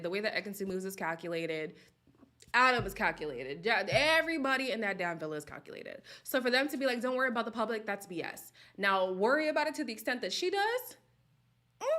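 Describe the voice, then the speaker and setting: A woman's voice: medium pitch, sharp tone. A woman casually chatting about a reality show, sassy and direct, talking straight to her viewers. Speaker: reality TV commentator. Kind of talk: casual chat.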